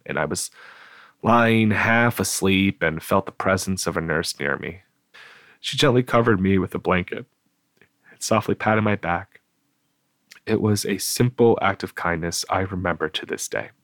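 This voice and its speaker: A man telling his own painful story aloud in a halting, subdued way, stumbling over repeated starts. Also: low-pitched, fairly bright tone, no echo. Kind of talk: personal storytelling, read aloud.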